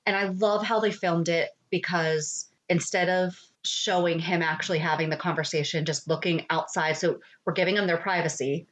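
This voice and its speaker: A woman's voice: lowish voice, steady tone, moderate pace, few pauses, fairly bright tone. A woman co-hosting a podcast, chatting casually and emphatically about a TV soap. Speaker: podcast co-host. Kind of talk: casual chat.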